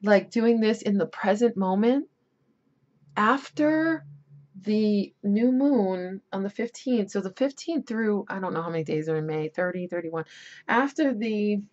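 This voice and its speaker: A woman's voice: medium pitch, a little slow, darkish tone. Lo-fi woman giving a tarot reading. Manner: chatty, rambling, emphatic warnings. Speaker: tarot reader.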